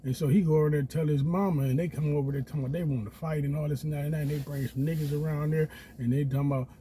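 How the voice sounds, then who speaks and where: A man telling a story casually, animated and profane, acting out quotes in a raised voice. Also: on the high side, racing, a little hiss or hum.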